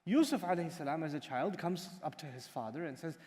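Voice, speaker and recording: A man giving a religious lecture, telling the story with animated, acted-out dialogue. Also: fairly high pitch, fast, in a large hall. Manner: animated storytelling, acts out a child's voice. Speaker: Islamic lecturer.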